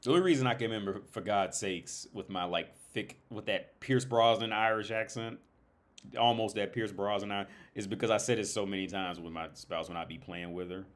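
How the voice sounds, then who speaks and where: A man's voice: fairly low pitch, steady tone, a little fast. An American man in casual livestream chat, rambling and swearing with frequent restarts.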